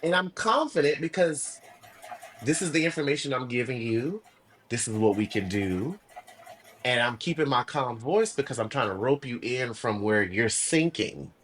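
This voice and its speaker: A man of middle pitch talks as a podcast guest in a relaxed, unscripted way. He gets animated when he tells a story, drops the odd curse, and leans into earnest life lessons. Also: normal speed, slight background noise. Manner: animated storyteller, swears freely; earnest, preachy about life. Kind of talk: casual conversation.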